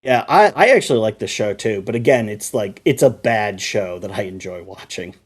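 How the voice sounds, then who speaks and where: A man co-hosting a casual chat, animated and mocking, swearing freely. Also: on the low side, normal speed, husky. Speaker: co-host.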